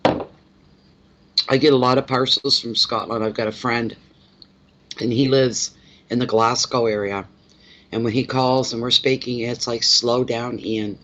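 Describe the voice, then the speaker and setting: This Canadian tarot reader talks casually with live-stream viewers, greeting them by name while rambling and repeating himself. His mid-range, somewhat bright voice keeps a fairly even intonation, unhurried and full of frequent pauses. The recording has a slightly dull, lo-fi quality.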